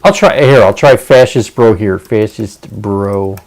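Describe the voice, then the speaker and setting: A man's voice: mid-range voice, sing-song, normal speed, a little mellow, poor audio. Profane rambling male streamer. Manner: profane, rambling, sarcastic asides. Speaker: streamer host. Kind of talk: casual livestream rant.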